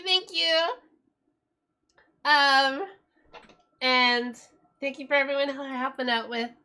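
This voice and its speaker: Bright chatty woman streamer. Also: a little high. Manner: chatty, rambling with restarts. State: tired voice. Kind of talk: casual live-stream chat.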